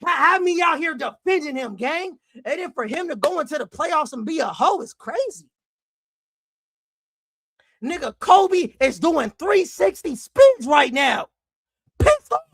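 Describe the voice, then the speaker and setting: A man hosting a basketball fan show, ranting angrily with heavy profanity and frequent shouting. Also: very high-pitched, dry recording, studio quality. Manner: angry, profane, often shouting. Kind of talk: heated fan rant.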